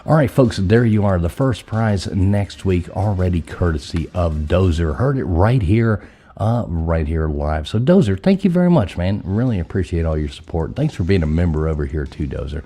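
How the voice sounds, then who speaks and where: A man's voice: deep voice, expressive, normal speed, warm tone. A man hosting a casual live stream, chatty and loose, swearing casually, his voice scratchy from being sick.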